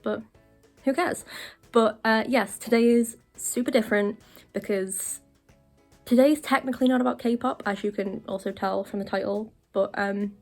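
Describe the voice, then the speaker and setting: A young woman talking straight to the camera in her bedroom, rambling excitedly with lots of fillers. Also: mid-range voice, normal speed, faint music behind. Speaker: vlogger. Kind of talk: casual rambling vlog. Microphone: camera facing her.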